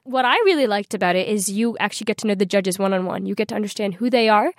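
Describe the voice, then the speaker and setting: A young woman telling a story in a radio interview, bubbly and quick to laugh. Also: medium pitch, no echo, studio quality. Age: young adult. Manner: bubbly, laughing, animated retelling. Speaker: interview guest, scholarship winner.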